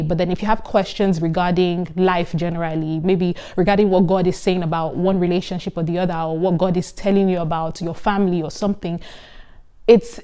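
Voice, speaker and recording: A young woman in her twenties, a medical student, chatting casually to camera in an animated, giggly and earnest way. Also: on the low side. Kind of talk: casual vlog talk.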